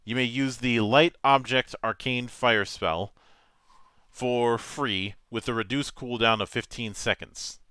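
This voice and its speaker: A man reads tabletop game rules aloud as game master, steady and matter-of-fact, tripping over the odd word. His voice is bright and forceful. The sound is dry and close. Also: medium pitch, smooth, no echo. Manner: measured, matter-of-fact reading with small stumbles.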